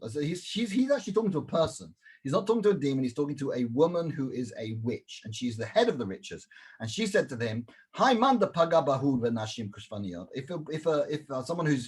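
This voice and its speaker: A man walking listeners through an old text, line by line. He is animated and loose, often repeats himself and checks in with "right?". His pitch sits in the middle range. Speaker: Talmud teacher. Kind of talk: explaining a Talmud page.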